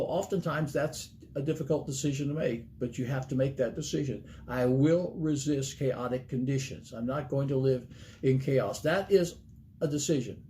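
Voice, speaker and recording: A man's voice: mid-range voice, warm tone, a little hiss or hum. A middle-aged man preaching a sermon as a pastor, earnest and plain-spoken, laying out numbered points and folksy stories.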